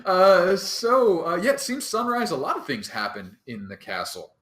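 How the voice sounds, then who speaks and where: A man narrating as dungeon master of a tabletop game, relaxed and rambling, often breaking into laughter. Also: high voice, normal speed, roomy sound.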